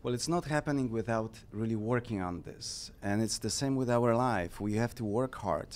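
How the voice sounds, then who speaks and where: A man from Poland, a talk show guest telling his story in a calm, reflective way. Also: medium pitch, moderate pace. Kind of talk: casual interview.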